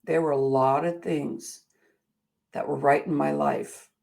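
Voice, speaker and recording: Gravelly-voiced woman motivational host. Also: sits low, steady tone, measured pace, darkish tone. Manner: earnest, emphatic storytelling. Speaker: show host. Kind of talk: personal motivational talk.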